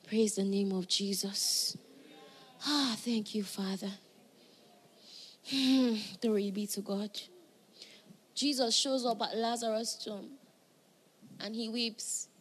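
A woman preaching a sermon, moving between loud emphatic calls and soft, hushed passages. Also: a little high, takes it slowly, pauses often, husky.

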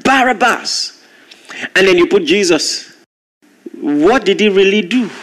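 A man preaching a sermon, retelling a story with lively, acted-out voices. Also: sits high. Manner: animated storytelling, acting out crowd shouts.

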